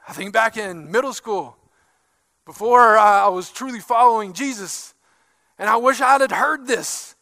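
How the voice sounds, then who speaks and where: A man with a high voice delivers a sermon to his congregation. He swings between loud, emphatic bursts and soft, hushed asides. The sound is close and dry. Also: a little slow, no room sound. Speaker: pastor.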